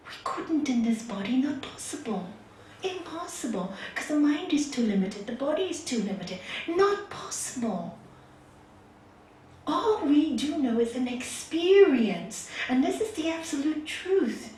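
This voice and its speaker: A woman's voice: sits high, sing-song, unhurried, a little mellow, slight background noise. A woman spiritual teacher giving an earnest talk to a gathering, asking many rhetorical questions, recorded from far off in an echoey hall. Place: meeting hall.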